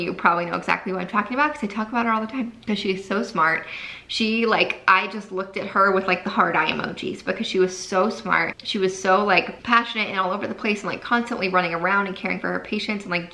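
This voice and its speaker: A woman's voice: medium pitch, fast talker, sharp tone, poor audio. A woman in her twenties, a nursing student vlogging to camera in a chatty, casual way, full of "like" fillers, at times holding back tears. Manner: chatty, lots of fillers like "like" and "freaking". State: tearful, holding back crying.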